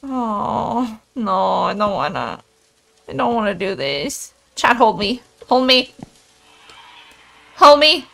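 A woman's voice: fairly high pitch, sing-song, slow, vocal fry, long pauses, a bit bright. A young woman streaming a horror game, talking to her chat and anxiously repeating pleas as she plays. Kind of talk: horror game let's play.

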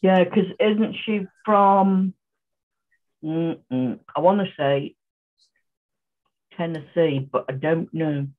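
A British woman chatting as a guest on a sewing livestream over a video call, relaxed and matter-of-fact. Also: fairly low pitch, slow pace, long pauses. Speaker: guest sewer. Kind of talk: casual livestream chat. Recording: thin phone-like video call audio.

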